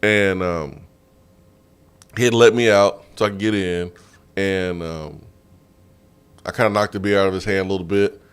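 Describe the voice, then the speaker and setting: Laughing low-voiced male radio host. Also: moderate pace, pauses often, smooth. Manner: animated, laughing storyteller. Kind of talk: casual storytelling. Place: radio studio.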